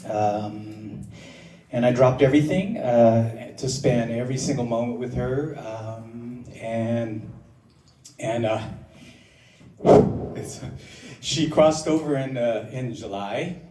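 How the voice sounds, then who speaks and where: A middle-aged man telling a personal story at an open mic, halting and full of fillers, mixing grief with self-mocking humor. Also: mid-range voice, dark tone. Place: underground performance venue on a live stage. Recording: roomy, distant live room with crowd. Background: audience laughing.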